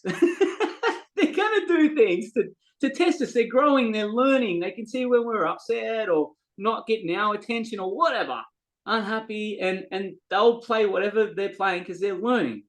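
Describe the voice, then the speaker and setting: Unhurried and high-voiced, with lively intonation and a slightly bright tone, this Australian man is a men's coach guesting on a podcast. He talks sincerely and casually, telling stories and occasionally repeating words as he reaches for the right ones, on a rough recording.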